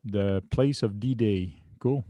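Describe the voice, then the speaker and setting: A man's voice: lowish voice, slow pace, warm tone, no echo. A man from Canada with a Canadian French accent, hosting a casual chat and rambling through stories with many restarts. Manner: rambling, chatty storyteller with restarts. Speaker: host.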